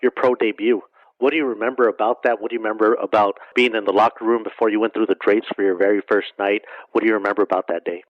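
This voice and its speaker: Guy asking rambling interview questions real fast, kinda low voice, muffled lo-fi audio. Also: fairly even intonation, dry recording. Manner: rambling questions with many fillers. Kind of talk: casual interview. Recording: dull, dry lo-fi sound.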